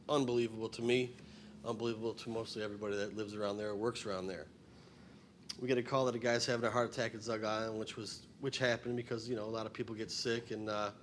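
A man's voice: mid-range voice, slight background noise. A middle-aged man, introducing his song in a rambling, plainspoken way and stating blunt opinions. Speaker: singer-songwriter and former firefighter.

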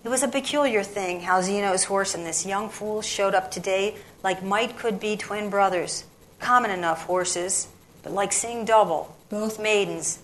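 A woman narrating a novel aloud, with measured storytelling and a dialect-flavored text. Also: mid-range voice, a bit bright, rough recording. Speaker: audiobook narrator.

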